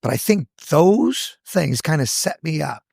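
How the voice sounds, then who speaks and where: A man in his sixties, a hair educator, telling stories from his career in a lively podcast chat, acting out the voices of people he quotes. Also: on the high side, unhurried, gravelly, husky, no echo, studio quality. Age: 60s. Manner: animated storyteller, acts out quoted voices. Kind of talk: casual podcast storytelling.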